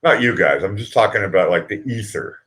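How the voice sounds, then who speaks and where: A man's voice: fairly low pitch, animated, fairly quick, fairly bright tone. A middle-aged man hosting a casual live stream, chatting with viewers in a rambling, self-interrupting way and chuckling at his own jokes. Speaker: livestream host.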